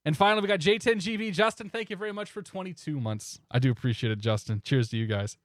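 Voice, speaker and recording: A man streaming a flight simulator, chatting casually and in a relaxed way with viewers, often chuckling. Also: a little high, fast, no echo, clean studio sound. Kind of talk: casual live-stream chat.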